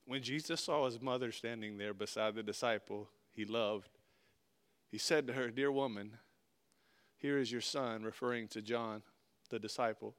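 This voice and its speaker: A man's voice: medium pitch, normal speed, clean tone. A male preacher giving a sermon, reading scripture aloud and then explaining it in an earnest, conversational way.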